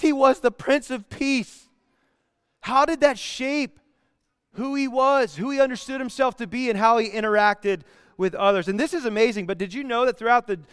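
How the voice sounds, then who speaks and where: A man's voice: very high-pitched, a bit bright, smooth, no echo, clean studio sound, long reverb tail. A man in his thirties preaching a sermon in a church, talking conversationally and asking the congregation to respond. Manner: conversational, asks the room for responses. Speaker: pastor. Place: church sanctuary.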